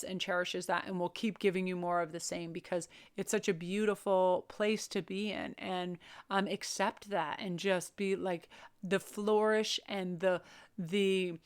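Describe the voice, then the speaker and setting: A woman's voice: mid-range voice, clear, resonant tone. A woman giving a casual spiritual tarot reading to her viewers, gushing and encouraging, with lots of filler phrases. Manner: gushing, encouraging, lots of "you know" and "right?". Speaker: tarot reader. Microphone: microphone.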